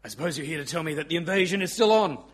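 Man voicing a husky, boastful dictator, flat and menacing. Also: fairly high pitch, rapid-fire, natural voice. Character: boastful stern male dictator.

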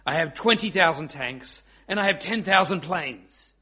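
Man voicing a husky, boastful dictator, flat and menacing. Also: on the high side, moderate pace, full character voice. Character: boastful stern male dictator.

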